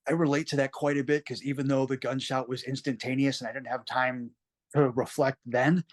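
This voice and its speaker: Male interview guest, mid pitch, earnest and reflective, plain-spoken storytelling. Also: level tone, fairly quick. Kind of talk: personal story told in an interview.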